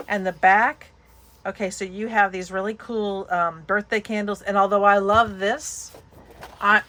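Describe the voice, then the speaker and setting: Woman, papercraft host, casual haul chat, gushing, excitable, squeals of delight, mid-pitched voice.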